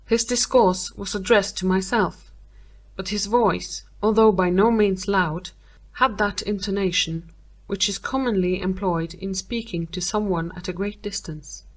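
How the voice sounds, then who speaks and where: A woman narrating a classic tale as an audiobook reader, in a measured, clear delivery. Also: mid-range voice. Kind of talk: scripted narration.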